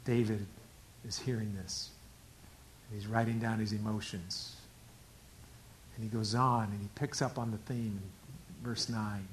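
A pastor preaching a sermon, dropping to hushed whispers and rising to loud, emphatic preaching. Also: male voice, lowish voice, a little slow, pauses often, slight background noise.

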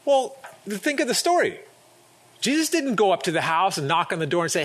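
A middle-aged pastor preaching a sermon, earnest, often repeating words and acting out little quoted exchanges. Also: male voice, fairly high pitch, very animated, fairly quick, fairly bright tone, breathy edge.

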